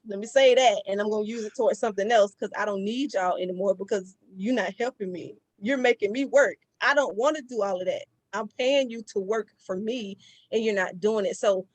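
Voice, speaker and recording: A woman giving an excited testimony, animated, colloquial and full of incredulous exclamations. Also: medium pitch, dry recording.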